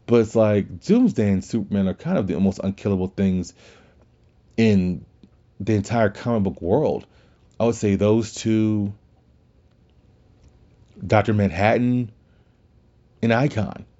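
A man's voice: on the low side, measured pace, pauses often, dark tone, muffled recording. A man hosting a podcast, rambling and swearing in casual talk with many restarts. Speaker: podcast host.

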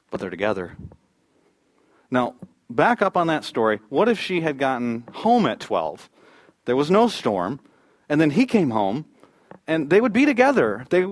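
A man preaching a sermon, telling a story and building to loud high peaks before dropping to a near hush. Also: no room sound. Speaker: pastor.

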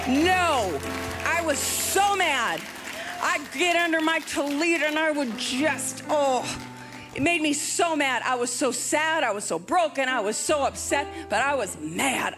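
Older lady preaching, high voice, all fired up and repeating herself, music under it. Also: lively intonation, measured pace, a crowd in the background. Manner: emphatic, fervent, repeats rallying phrases. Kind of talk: sermon.

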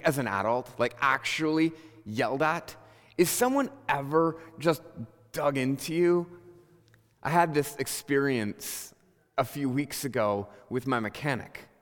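A man preaching a sermon, conversational and animated, telling stories with emphatic bursts. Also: medium pitch, long reverb tail. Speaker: pastor.

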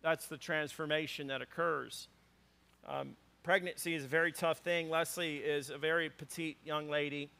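A man preaching to a church congregation, with a high voice and a bright, forceful edge. He moves between teaching and animated, funny storytelling. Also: normal speed, creaky. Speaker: pastor. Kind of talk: sermon.

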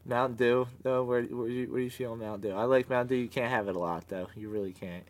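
A man's voice: medium pitch, fairly even intonation, fast, a little hiss or hum. A man co-hosting a podcast in casual chat, laid-back, laughing and swearing now and then. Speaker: podcast co-host.

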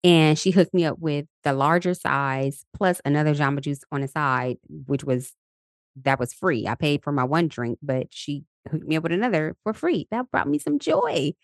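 A woman in her thirties talks in an easy, upbeat way, sharing her days and leading her listeners through affirmations. Her voice sits low and full, and she laughs often. The recording is close and dry, with no room sound. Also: normal speed, no echo. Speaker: podcast host. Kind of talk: casual motivational talk. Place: Los Angeles.

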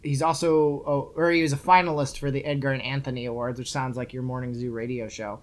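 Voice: mid-range voice, flat delivery, quick pace. A young adult podcast co-host talking casually and sarcastically while reviewing a book, rambling and swearing freely. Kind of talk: casual chat.

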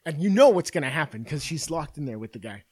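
A man with a slightly high voice recaps a film on a casual podcast. He swears freely and tells the story with animated energy, jumping into quoted lines. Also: fast, slightly rough. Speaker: podcast host. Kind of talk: casual movie recap chat.

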